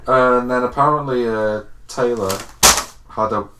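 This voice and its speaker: A young man co-hosting a casual podcast. He reads offbeat news in a mid-pitched voice, filling gaps with "uh" and cracking jokes. The room gives his voice a roomy echo. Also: measured pace, heavy background noise. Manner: laughing, jokey, reads news aloud with filler words. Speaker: podcast co-host reading news stories. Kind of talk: casual banter.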